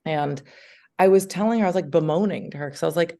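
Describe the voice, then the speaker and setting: A woman, an actress, chatting eagerly as an interview guest, full of filler words and quick asides. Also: on the low side, vocal fry, dark tone. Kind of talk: casual interview chat.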